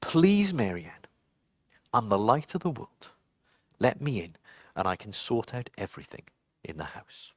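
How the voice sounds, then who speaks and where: A storyteller voicing a kind, calm male candle who speaks slowly and softly. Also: medium pitch, breathy edge, dry recording, studio quality, voice pushed down. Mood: pleading. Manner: soft, slow and pleading.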